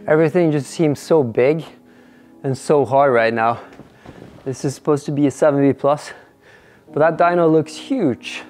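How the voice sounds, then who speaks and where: A man's voice: on the high side, moderate pace, pauses often, darkish tone, soft background music. A man out of breath in an indoor climbing gym, talking casually into a clip-on mic between climbs, with sighs and puffs. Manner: chatty, sighing and puffing between climbs. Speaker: climber filming himself. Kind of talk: casual on-the-spot commentary. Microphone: clip-on microphone worn on the body.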